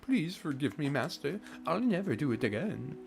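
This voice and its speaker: A man's voice: on the high side, big pitch swings, normal speed, gravelly, over music, voice pushed up. A man voicing a small, cowardly male plant creature in a put-on German accent, pleading and wheedling.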